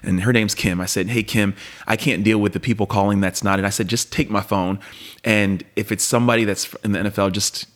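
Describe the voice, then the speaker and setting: Animated storytelling man in his forties. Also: on the low side, brisk. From Pennsylvania, USA. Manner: animated storyteller who acts out quoted dialogue. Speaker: guest, former pro football player. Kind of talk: casual interview storytelling.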